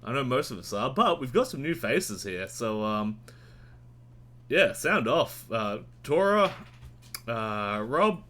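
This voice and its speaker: A man reviewing new albums in a casual, rambling and sweary way, with sudden jumps in pitch. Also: very animated, takes it slowly, bright, forceful tone. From Australia. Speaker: music reviewer. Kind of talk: casual monthly album roundup.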